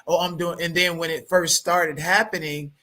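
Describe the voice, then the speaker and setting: A man talking as a guest on a livestream interview, animated and profane, repeating himself when he gets worked up. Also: fairly high pitch, moderate pace.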